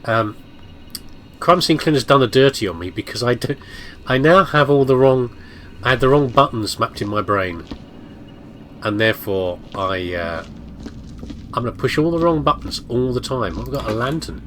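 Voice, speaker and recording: A man's voice: mid-range voice, lively intonation, moderate pace, long pauses, fairly bright tone, a little hiss or hum. A man giving casual, self-mocking commentary while playing a video game, chatting to his viewers and to the objects on screen. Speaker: let's play gamer.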